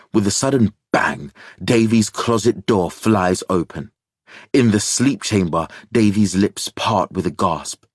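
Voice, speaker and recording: A man narrating an audiobook thriller in a measured, even storytelling manner. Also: fairly low pitch, slightly rough, no room sound, studio quality.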